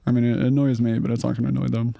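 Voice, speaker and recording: A man's voice: mid-range voice, level tone, very fast, vocal fry, warm tone. A young man co-hosting a casual podcast from his parents' house, laid-back, laughing often and swearing casually. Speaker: podcast co-host. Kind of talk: casual chat.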